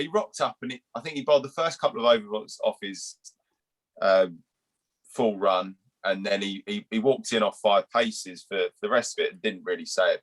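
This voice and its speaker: A young Englishman appearing as a guest cricketer tells rambling, casual anecdotes, restarting now and then and swearing a bit. His voice is lowish, and the audio quality is poor.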